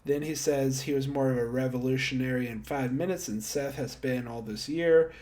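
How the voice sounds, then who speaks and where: A young man talks through a wrestling episode in a loose, chatty way, handing out star ratings as he goes. He pokes fun at himself and laughs easily. His voice sits at an ordinary middle pitch for a man. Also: steady tone, moderate pace, a little mellow. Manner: chatty, self-deprecating, laughs often. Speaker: wrestling show reviewer. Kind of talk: casual solo recap with star ratings.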